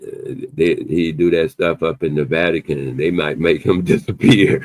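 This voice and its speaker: A man, hosting an opinionated podcast chat in an emphatic, animated way. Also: rumbling low, moderate pace, no echo. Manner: animated, emphatic, loose conversational delivery with a playful edge. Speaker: podcast host.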